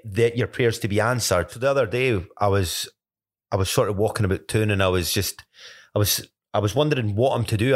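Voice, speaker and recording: Scottish man, podcast co-host, loose rambling testimony, mid pitch, stumbles and restarts often. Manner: rambling, many restarts and self-corrections. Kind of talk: casual faith testimony chat.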